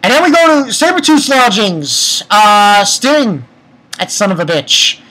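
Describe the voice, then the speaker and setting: A man's voice: high-pitched, very animated, unhurried, sharp tone, rough recording. A man giving a casual, rambling chapter review, retelling scenes and swearing offhandedly. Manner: reads character lines aloud in summary. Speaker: manga reviewer.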